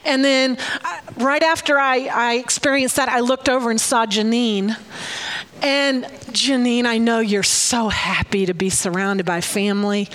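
Middle-aged woman preacher, slightly high voice, tearful and animated, laughs often. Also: measured pace. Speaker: pastor. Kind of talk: sermon with personal prophetic words.

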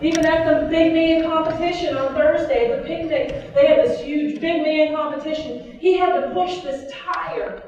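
A woman's voice: high-pitched, steady tone, normal speed, few pauses, darkish tone, highs cut off. A middle-aged woman preaching a sermon, passionate and emphatic as she reads scripture aloud. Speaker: pastor. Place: church. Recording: echoey hall, mic at a distance.

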